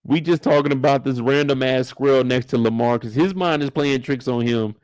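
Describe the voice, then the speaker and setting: A young man hosting a casual livestream recap, animated and profane, often leaping into high exclamations. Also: fairly quick, no echo, studio quality. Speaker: show host.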